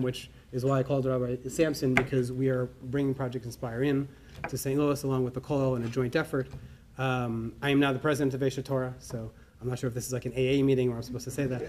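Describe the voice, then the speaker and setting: A middle-aged man telling a personal story to a conference audience, acting out the dialogue in an animated way. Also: medium pitch, noisy background. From New York. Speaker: conference speaker. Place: conference hall.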